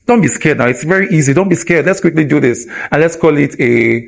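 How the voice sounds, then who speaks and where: Nigerian-accented male trainer, energetic, quizzing a live audience, fairly high voice. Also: a little fast, creaky. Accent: Nigerian English. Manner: energetic, asks the audience rhetorical questions. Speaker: communication trainer. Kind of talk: live workshop teaching. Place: event hall with a live audience.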